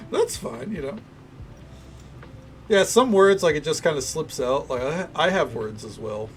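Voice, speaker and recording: A man's voice: fairly high pitch, big pitch swings, unhurried, faint music behind. A man with a faint Tennessee Southern accent, chatting casually with viewers while he games, rambling in an easygoing way full of fillers. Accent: light Tennessee Southern drawl. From Tennessee, USA. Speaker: streamer.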